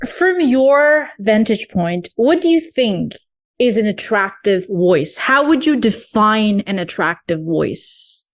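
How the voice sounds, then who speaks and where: A woman's voice: mid-range voice, very animated, slow pace. Attentive woman hosting an interview. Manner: attentive, frequent "mm" listening cues. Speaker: podcast host. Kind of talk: interview questions.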